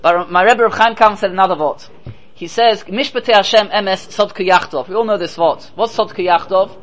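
A man whose voice sits high, with a fairly bright tone, teaches a Torah class as a rabbi at a fairly quick clip on a low-quality recording. Speaking emphatically, he raises rhetorical questions, answers them himself, and adds Hebrew and Yiddish terms.

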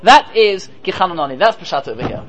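This high-pitched, bright-ish rabbi speaks fast and expressively while teaching a Torah class, on poor audio with a little hiss or hum. He asks rhetorical questions and answers them emphatically, dropping Hebrew and Yiddish terms in.

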